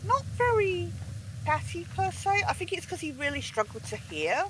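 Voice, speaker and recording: Animated voice telling rambling stories. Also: very high voice, normal speed, slight background noise, rough recording. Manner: rambling storyteller with many fillers and restarts, animated. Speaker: co-host. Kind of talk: casual chat while gaming.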